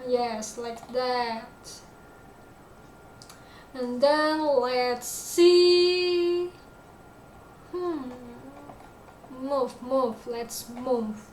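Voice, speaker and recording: A high-pitched woman with an Indonesian accent explains an English lesson at a very slow pace, often stopping to search for words and repeating her examples. The sound is roomy and echoey, with a faint hiss of noise underneath. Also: darkish tone. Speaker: English teacher.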